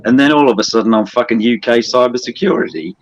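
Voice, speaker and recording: A man's voice: mid-range voice, fast, creaky, muffled recording. A man with an Australian accent, arguing on a livestream, swearing a lot and pressing with pointed questions. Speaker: livestream guest. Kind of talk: heated livestream argument.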